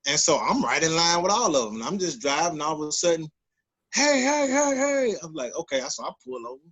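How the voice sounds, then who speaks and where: A man, co-hosting a podcast and telling a personal story in a casual, animated way, loudly acting out the voices of the people he quotes. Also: a little high, quick pace, slightly rough, low-quality recording. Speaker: podcast co-host.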